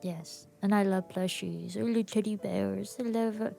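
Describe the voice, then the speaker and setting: A woman host rambles in a slow, dreamy way, filling pauses with ums. Her voice sits fairly low and has a gravelly fry. Soft music plays faintly behind her. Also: steady tone. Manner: dreamy, musing, many fillers. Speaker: podcast host. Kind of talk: casual solo rambling.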